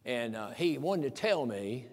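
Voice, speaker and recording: A man's voice: mid-range voice, sing-song, a little slow, big-room sound. A man from the American South with a Southern accent, preaching a sermon with folksy asides and emphatic repetition. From Southern United States.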